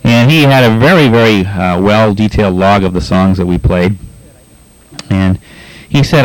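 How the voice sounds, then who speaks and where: A low-voiced man with a Boston accent hosts a pirate radio show, reading listener letters in a loose, chatty way. He stumbles through with many uhs and laughs easily. The sound is close and dry. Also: moderate pace, no room sound, poor audio. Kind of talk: casual on-air chat reading listener letters.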